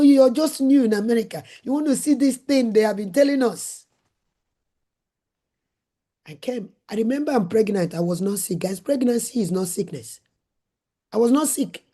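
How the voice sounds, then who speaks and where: Middle-aged Nigerian woman host, dark warm tone, animated storyteller. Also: medium pitch, breathy edge. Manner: acts out her own shouted lines in a raised voice. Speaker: host, former nurse and midwife.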